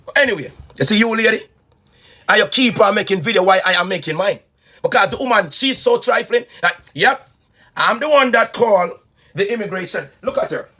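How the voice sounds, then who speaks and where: A man's voice: high voice, fairly quick, bright, forceful tone, breathy edge. A man ranting in a mocking, repetitive way in a reaction video. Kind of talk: heated video rant.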